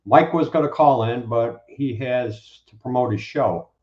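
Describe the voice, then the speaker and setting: A man talking as a guest, preaching in a casual, animated way and acting out the people he quotes. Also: medium pitch, unhurried. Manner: animated, acts out quoted speakers. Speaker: guest, Bible teacher. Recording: roomy, dull lo-fi sound.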